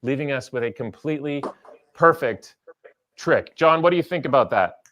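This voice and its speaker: A man's voice: mid-range voice, animated, moderate pace, fairly bright tone. A man hosting a live-streamed magic show, chatty and upbeat, joking about himself between tricks. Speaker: magician host.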